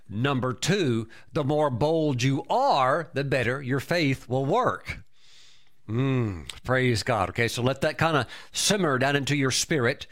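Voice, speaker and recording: A man's voice: mid-range voice, fairly bright tone. A man preaching a sermon, emphatic, breaking into exclamations of praise and often repeating and restarting his words.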